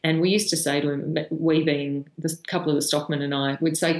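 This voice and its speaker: Australian woman guest, a frank vet with a deep voice who tells anecdotes full of "um"s, recorded in an echoey room. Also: little pitch movement, fairly quick, hardly any pauses. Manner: frank, anecdotal, with many fillers and restarts. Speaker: veterinarian guest. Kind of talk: conversational storytelling interview. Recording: roomy echo.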